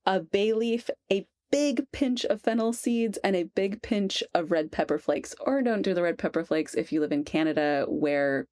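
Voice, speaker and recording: A woman's voice: medium pitch, darkish tone. A woman hosting a podcast, talking in a breezy, playful way with her guests. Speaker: podcast host. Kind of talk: casual chat.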